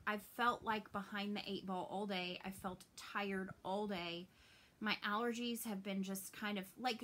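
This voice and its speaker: A woman in her thirties with a Southern American accent, chatting casually to camera in her cross stitch vlog from home, open and chatty, trailing off softly when sad. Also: mid-range voice.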